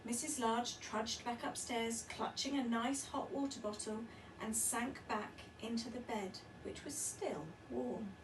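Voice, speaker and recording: A woman teacher reading a picture book aloud with lively, expressive storytelling. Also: on the high side, measured pace, roomy sound, recorded from a distance, noisy background.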